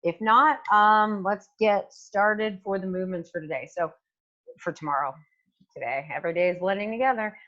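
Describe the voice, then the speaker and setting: A woman fitness coach demonstrates exercises in a home room with a hardwood floor, giving encouraging instructions full of fillers into a new microphone. Her mid-range voice moves at a moderate pace with a fairly bright tone, though the highs are cut off.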